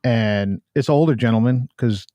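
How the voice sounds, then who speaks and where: A man's voice: medium pitch, moderate pace, dark tone, dry recording. A man co-hosting a casual podcast chat, telling a personal story in an earnest, reflective way. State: in cancer treatment. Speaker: podcast co-host.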